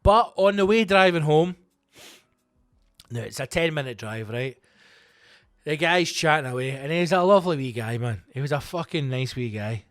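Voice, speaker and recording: A man, a comedian hosting his own show, telling a story in a profane, animated, self-mocking way and acting out the quotes. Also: fairly high pitch, normal speed, dry recording, clean studio sound. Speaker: comedian host. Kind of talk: comic storytelling monologue.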